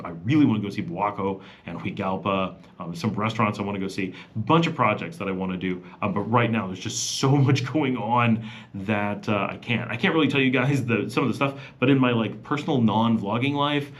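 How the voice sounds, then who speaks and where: A middle-aged man chatting casually on a live Q&A stream, rambling with many fillers and restarts. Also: on the low side. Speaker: vlogger hosting a live Q&A.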